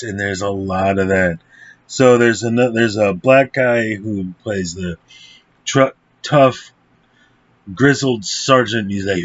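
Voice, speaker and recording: A man's voice: lowish voice, lively intonation, normal speed, fairly bright tone, highs cut off. A man giving a casual, rambling film review, blunt and profane, with lots of fillers.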